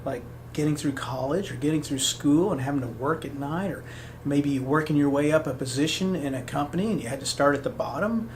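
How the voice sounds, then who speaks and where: A man's voice: on the high side, brisk, a little hiss or hum. A man hosting a podcast, giving a motivational talk and acting out the voices he quotes. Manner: animated, acts out quoted voices. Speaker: podcast host.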